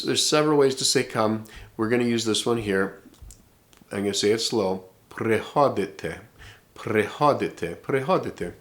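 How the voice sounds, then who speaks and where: A middle-aged man teaching vocabulary in a casual way, saying each word slowly and more than once, with many fillers. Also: lowish voice, a bit bright. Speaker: language teacher.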